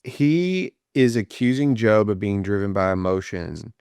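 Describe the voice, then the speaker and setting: A man's voice: lowish voice, unhurried, clear, resonant tone, dry recording. A middle-aged man co-hosting a casual Bible study podcast, explaining a passage and acting out quoted speech as he goes. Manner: animated, acts out quoted speech. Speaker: podcast co-host.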